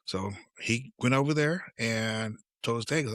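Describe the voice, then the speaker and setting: A man's voice: mid-range voice, moderate pace, no room sound, studio quality. A middle-aged man co-hosting a podcast, telling family stories in a casual chat and acting out the dialogue. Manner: animated, acts out quoted dialogue. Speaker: podcast co-host.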